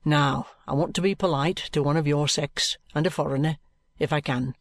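Male reader as a calm, patronising detective: deliberate and firm, fairly high voice, dry recording. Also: dry recording, lightly acted. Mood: cool. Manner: cool, deliberate and coaxing.

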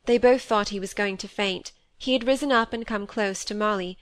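A woman's voice: mid-range voice, normal speed, hardly any pauses, no room sound. Woman reading a novel aloud, dry. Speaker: audiobook narrator. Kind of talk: scripted narration.

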